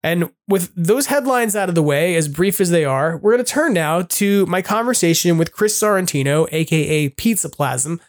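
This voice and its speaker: A man's voice: high-pitched, lively intonation, moderate pace, few pauses. Male podcast host from New York, loose and rambling. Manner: rambling, self-interrupting, laughs often. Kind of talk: casual podcast chat.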